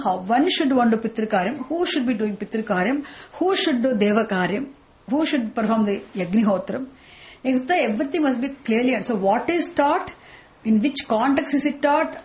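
A woman, teaching a scripture class in a slow explanatory way, posing one rhetorical question after another. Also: sits high, a little mellow, poor audio. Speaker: Vedanta teacher.

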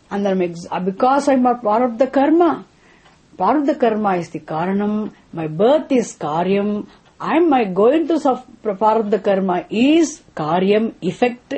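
With a medium-pitched, darkish, husky voice, a woman teaching as a spiritual guide delivers a philosophy lecture. Key terms get repeated for emphasis, and she frequently stops to put rhetorical questions to her listeners.

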